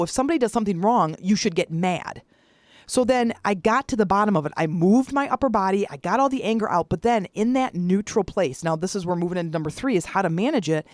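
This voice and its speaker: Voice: mid-range voice, lively intonation, fairly quick, no echo, clean studio sound. A podcast host in their forties talking casually on their own, acting out the voices in their stories. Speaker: podcast host and public speaker. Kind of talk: casual solo podcast monologue.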